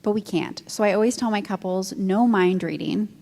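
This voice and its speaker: A woman couples therapist on a discussion panel, giving measured advice with frequent pauses and ums. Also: medium pitch, gravelly, darkish tone. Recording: long hall reverb.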